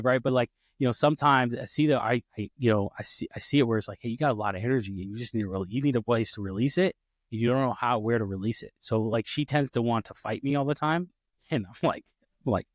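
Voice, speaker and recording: A man's voice: medium pitch, quick pace, dry recording, studio quality. A man hosting a podcast, chatting casually, rambling with many restarts and fillers, and acting out the dialogue he quotes. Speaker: podcast host. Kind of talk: casual conversation.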